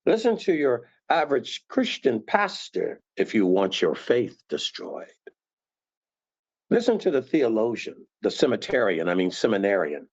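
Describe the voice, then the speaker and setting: A man teaching scripture conversationally, animated and acting out tones of voice to make his points. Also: mid-range voice, dull audio. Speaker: Bible teacher.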